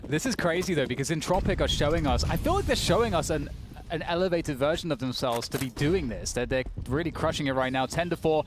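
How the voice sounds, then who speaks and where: A man giving analysis and excited calls as a co-commentator on a competitive shooter match. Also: on the high side, fast, background noise. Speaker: esports co-caster. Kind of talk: color commentary.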